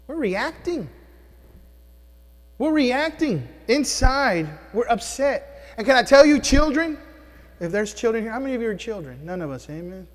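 Man, pastor, sermon, high pitch, call-and-response, long church reverb. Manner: emphatic, call-and-response with congregation. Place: church sanctuary.

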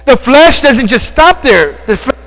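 A man's voice: very high voice, sing-song, measured pace, a bit bright. A male pastor preaching a sermon, asking the congregation questions and calling out amens, sounding out of breath. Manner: call-and-response preaching with frequent amens and questions. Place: church sanctuary. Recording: long church reverb with mains hum.

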